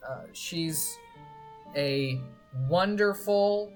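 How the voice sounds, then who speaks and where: A game master voicing a carefree young man with a relaxed, chummy manner who coos at his animal companion. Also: mid-range voice, extremely slow, soft background music, voice pushed up. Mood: breezy.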